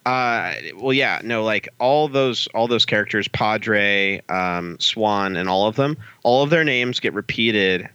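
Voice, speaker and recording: A man chatting about old movies, his voice fairly low but bright and forward. He talks casually and drops in quick asides and fillers. The sound is dry, with no room around it. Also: clean tone, no echo, muffled recording. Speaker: podcast co-host. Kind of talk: casual movie review chat.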